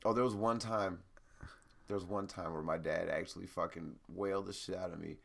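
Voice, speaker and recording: A young man co-hosting a podcast, telling profane stories animatedly with loud laughs. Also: deep voice, fairly even intonation, fairly quick, vocal fry. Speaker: podcast co-host. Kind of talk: casual chat.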